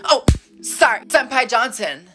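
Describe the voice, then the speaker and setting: A man's voice: very high-pitched, very animated, a little slow, music in the background, full character voice. A man playing a shy, anime-obsessed teenage boy in a comedy sketch, mumbling awkwardly and then snapping defensively. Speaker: comedy creator.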